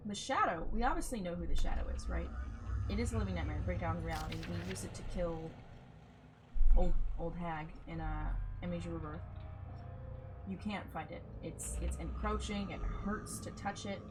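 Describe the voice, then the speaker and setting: A woman streaming a game live, excitable, swearing and talking to herself as she plays. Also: lowish voice, moderate pace, background noise. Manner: excitable, swears, talks to herself while playing.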